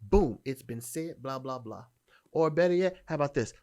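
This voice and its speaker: A man's voice: medium pitch, animated, normal speed, a little mellow. Blunt, profane man ranting. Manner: blunt, profane, emphatic, with frequent restarts. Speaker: podcast host. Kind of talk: opinionated dating commentary.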